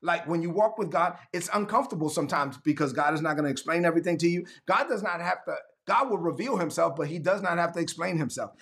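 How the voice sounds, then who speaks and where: A man preaching a sermon, emphatic and repetitive, calling for responses and building to shouts. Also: a little high, quick pace, creaky, hardly any pauses. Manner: calls for audience response.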